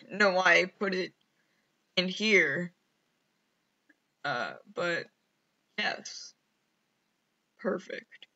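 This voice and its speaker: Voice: mid-range voice, pushed and bright, lo-fi sound. A streamer rambling casually over gameplay, mumbling to themself and poking fun at themself, on a headset mic. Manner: self-mocking.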